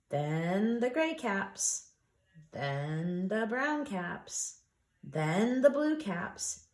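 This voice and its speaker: Slow, expressive woman reading to children. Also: fairly high pitch. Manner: expressive, drawn-out, asks listeners to join in. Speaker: storyteller for a preschool. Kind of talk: children's story read-aloud. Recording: echoey room.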